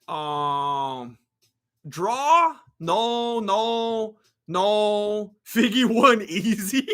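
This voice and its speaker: A man hosting a live fight watch-along, firing excited, incredulous questions at his chat. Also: high-pitched. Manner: talks to the chat with rapid questions. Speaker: livestream host reacting to fights.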